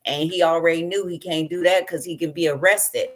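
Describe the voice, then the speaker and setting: Woman reader, loose profane storytelling, lower pitch, unscripted rambling. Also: fairly even intonation, a little fast, a bit bright. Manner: brash, profane storytelling with laughter. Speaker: tarot reader. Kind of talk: casual profane rant.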